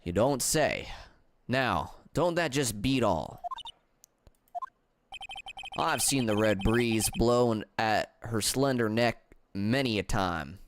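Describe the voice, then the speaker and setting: A man's voice: lowish voice, lively intonation, background noise, pitched below the performer's own voice. A man putting on a drawling Southern cowboy. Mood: folksy. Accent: put-on American Southern drawl. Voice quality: folksy, slow drawl. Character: drawling laid-back cowboy detective, male, middle-aged. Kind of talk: reading a video game aloud in voices. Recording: game music playing behind.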